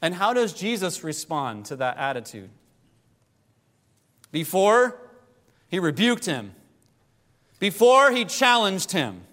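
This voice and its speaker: Male preacher, high voice, sermon, swings between pleading and hushed lines, echoing hall. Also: very animated, slow, long pauses. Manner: rises to impassioned pleading, then drops low. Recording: long hall reverb.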